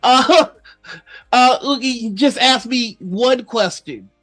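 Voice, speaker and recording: A woman's voice: a little high, takes it slowly, faint music behind. A woman co-hosting a casual stream chat, laughing often and swearing freely. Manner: laughing often, profane and animated.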